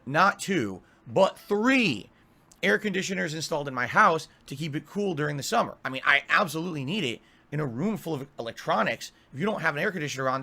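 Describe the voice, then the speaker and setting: A man streaming from his home office, ranting in a profane, exasperated way. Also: a little high. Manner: profane, exasperated, lively complaining.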